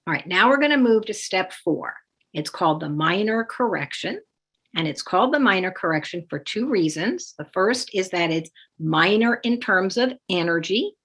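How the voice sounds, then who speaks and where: A woman of average pitch gives an instructional talk to parents. She explains each step in a calm, clear way. She gives sample phrases extra lift and emphasis. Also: normal speed. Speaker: parenting educator.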